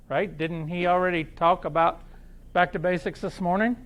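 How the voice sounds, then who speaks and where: A man with an Oklahoma accent gives a live seminar to a crowd, talking in a folksy, animated way and throwing questions at the room. His voice sits high for a man. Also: normal speed. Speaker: seminar speaker.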